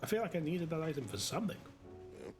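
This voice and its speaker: A man casually commentating while he plays a video game, excitable, cheering and cursing at enemies. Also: fairly high pitch, fast talker. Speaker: streamer playing a video game. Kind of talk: casual live commentary over gameplay. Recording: loud game music and combat sounds behind.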